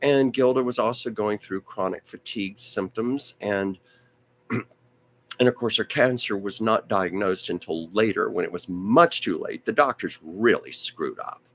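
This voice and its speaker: Male host, lowish voice, strained and fading; rambling, aside-heavy storyteller. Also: a little slow, a bit bright. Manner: rambling, anecdotal, with frequent asides and restarts. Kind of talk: casual storytelling on a live stream.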